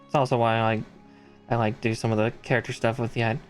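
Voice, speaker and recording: A man talking casually on a live stream as he builds a model kit, at an average pitch with soft music under him. He chats freely, laughs often and calls out part numbers as he works. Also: level tone, fast talker.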